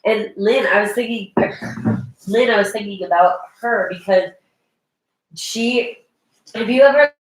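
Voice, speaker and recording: A woman's voice: medium pitch, unhurried, pauses often, roomy sound, poor audio. A woman at a teacher training chatting with a colleague in a rambling way, full of "like" fillers. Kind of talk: casual discussion.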